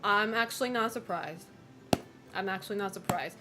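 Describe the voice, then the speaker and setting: A woman's voice: mid-range voice, normal speed, music in the background. A woman streamer chatting casually and rambling, swearing freely and greeting viewers. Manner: rambling, swearing, laughs often. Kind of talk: casual chat while streaming.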